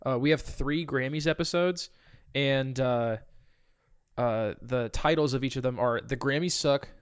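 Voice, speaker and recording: A man's voice: mid-range voice, unhurried, clear, resonant tone, dry recording. A young man hosting a casual podcast, with a voice in the middle range. He sounds chummy and laughs often. The recording is dry and close. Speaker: podcast host. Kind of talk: casual chat.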